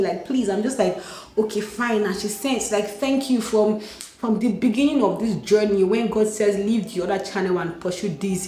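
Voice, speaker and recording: A young Nigerian woman vlogging from home, telling stories excitedly and acting out dialogue. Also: mid-range voice. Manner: excited, animated storytelling, acts out dialogue. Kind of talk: casual vlog talk. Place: home, indoors. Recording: echoey room.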